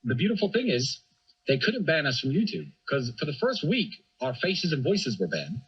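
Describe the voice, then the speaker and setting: A man talking as a guest on a podcast, telling his story in an emphatic, animated way. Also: fairly high pitch, normal speed, husky, lo-fi sound. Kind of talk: casual chat.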